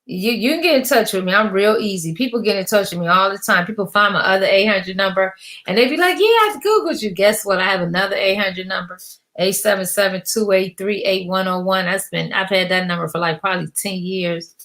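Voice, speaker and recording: Brief: middle-aged woman business coach, emphatic, slangy, preachy, mid-pitched. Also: fairly even intonation, fairly quick, a bit bright. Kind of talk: motivational rant to camera.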